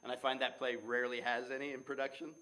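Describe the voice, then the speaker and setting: A man's voice: mid-range voice, level tone, quick pace, pushed and bright. A man, a theater's artistic director, answering interview questions with enthusiasm and telling stories. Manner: enthusiastic, storytelling.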